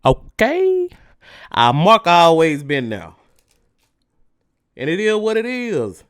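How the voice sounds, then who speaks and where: A man's voice: fairly high pitch, very animated, slow pace, a bit bright, clean tone, no echo, studio quality. A man hosting a solo podcast, ranting casually and profanely with heated energy while his mouth burns from spicy food. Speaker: podcast host.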